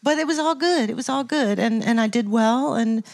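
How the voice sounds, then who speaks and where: A woman's voice: fairly high pitch, moderate pace, a little mellow. An older woman talking in an interview, telling stories in a reflective, chatty way with frequent laughs and restarts. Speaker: guest, record producer turned scientist. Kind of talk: casual interview storytelling.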